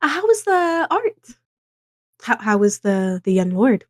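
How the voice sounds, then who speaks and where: A woman's voice: on the high side, very animated, a little slow, no echo, clean studio sound. A woman playing a polite, spirited young debutante with prim, proper phrasing.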